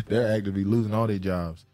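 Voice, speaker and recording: A man hosting a casual podcast chat. He laughs often and his voice jumps up when he gets excited. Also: lowish voice, moderate pace, faint music behind. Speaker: podcast host.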